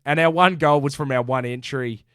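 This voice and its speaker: A man with an Australian accent co-hosting a casual sports podcast, reading off stats in an animated way and calling his co-host mate. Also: medium pitch, moderate pace, clear, resonant tone, no echo, studio quality. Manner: animated, rattles off stats, says mate a lot.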